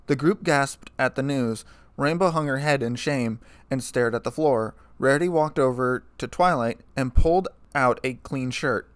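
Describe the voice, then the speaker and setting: Male narrator, plain steady read, dry close sound, middle pitch. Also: moderate pace, no echo. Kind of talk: fan fiction reading.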